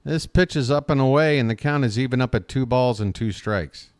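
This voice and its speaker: A man's voice: medium pitch, brisk, darkish tone, clear, resonant tone, no room sound. A man hosting a live fan play-by-play stream, chatty, often calling his listeners folks, with frequent fillers.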